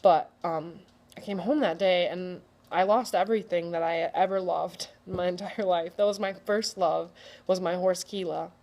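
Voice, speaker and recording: A woman's voice: lowish voice, fairly even intonation, normal speed, darkish tone. A young woman telling a personal story in a chatty, rambling way, with lots of fillers and frequent laughs. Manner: chatty and rambling, full of likes and ums, laughs often.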